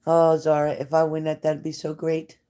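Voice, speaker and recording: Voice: mid-range voice, completely flat delivery, normal speed, warm tone, clean tone. A psychic reader hosting a casual live stream who talks straight to viewers by name, repeats phrases and gets emotional and fervent.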